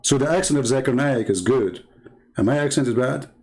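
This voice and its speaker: A man with an Arabic accent speaks in a mid-range voice, combative and mocking as he answers commenters on a live stream. He often restarts and repeats words, then suddenly leaps up in pitch to taunt. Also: brisk, darkish tone, poor audio. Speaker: livestream host reading viewer comments.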